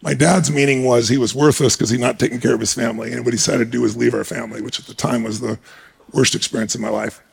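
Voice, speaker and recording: A man telling a personal story on stage as a guest speaker, animated and emphatic, acting out the scenes. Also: medium pitch, fast, creaky, slight background noise.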